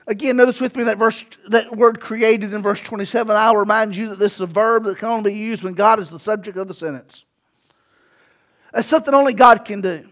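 A man, preaching a sermon emphatically and swelling to shouts. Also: high-pitched, fairly quick. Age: 40s. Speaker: pastor.

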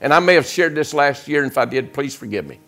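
Fiery preacher man shouting from the pulpit. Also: mid-range voice, expressive, quick pace. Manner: preaching with rising shouts and sudden drops to quiet. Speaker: guest preacher. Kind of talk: impassioned sermon. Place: church sanctuary.

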